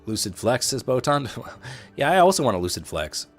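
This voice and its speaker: A man's voice: medium pitch, very animated, moderate pace, soft background music. A man from Indianapolis with a neutral Midwestern accent, casually commenting on his trades and joking with his livestream chat. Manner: chatty, joking with chat, playful asides. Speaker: trading livestreamer.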